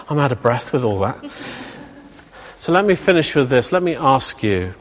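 A man's voice: medium pitch, sing-song, moderate pace. A middle-aged man preaching a sermon in a church, emphatic and building to rousing repetition. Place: church hall. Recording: dull reverberant church hall.

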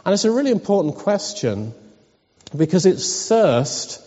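A man preaching a sermon as pastor of a church, asking earnest, pleading questions and laughing softly now and then. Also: sits high, very animated, measured pace. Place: church hall. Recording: dull lo-fi church recording with long reverb.

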